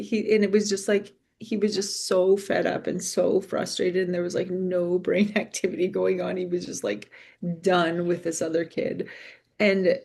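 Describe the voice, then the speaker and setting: A woman's voice: mid-range voice, steady tone, unhurried, creaky, darkish tone, breathy edge. A woman teacher talking casually and chattily about her classroom, with frequent fillers and laughs. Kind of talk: casual discussion.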